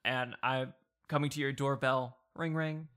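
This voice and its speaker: A woman's voice: a bass voice, fairly even intonation, measured pace, fairly bright tone. A woman hosting a casual podcast chat, playful and enthusiastic, often laughing. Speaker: podcast host.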